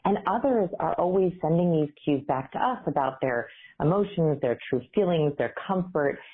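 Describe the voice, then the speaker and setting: A woman researcher explaining communication cues as an interview guest, animated and upbeat. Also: low-pitched, husky. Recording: tinny phone-like line.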